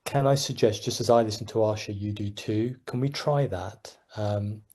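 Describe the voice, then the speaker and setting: A man with a London accent, a general practitioner giving an informal talk to fellow doctors and telling lively stories with frequent laughter. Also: fairly low pitch, normal speed. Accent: London English. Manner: animated storyteller, laughs often.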